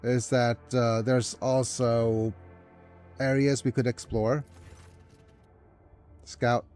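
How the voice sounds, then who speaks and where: A man with a middle-pitched voice gives a slow, soft-spoken walkthrough of a game he is playing. He trails off and restarts while he checks quests, and faint game music plays underneath. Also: level tone. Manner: slow, hesitant, muttering through game menus; soft low-key delivery, calling it his ASMR voice. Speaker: gaming video host. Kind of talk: let's play commentary.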